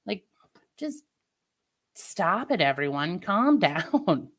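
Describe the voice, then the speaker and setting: A woman's voice: fairly low pitch, sing-song, slow, long pauses. A woman livestreamer in casual chat with her viewers, venting opinions in a chatty way. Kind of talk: casual live-stream chat.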